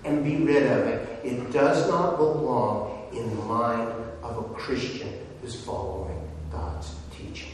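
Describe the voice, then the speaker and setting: Slow, echoing preacher in a hall. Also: male voice, medium pitch, steady tone, a little hiss or hum. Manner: measured, emphatic preaching with rhetorical questions. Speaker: pastor. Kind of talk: sermon. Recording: echoey hall, distant mic.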